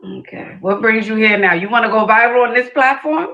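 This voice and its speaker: Calm probing woman host, lo-fi sound. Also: a little high, fairly quick. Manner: calm, probing, pushes for logic. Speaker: dating show host. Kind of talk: questioning a caller on a live show.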